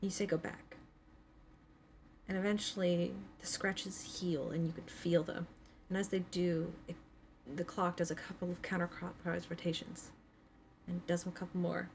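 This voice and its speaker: A woman narrating as game master of a tabletop game, halting with many fillers. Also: on the low side, flat delivery, gravelly, slight background noise.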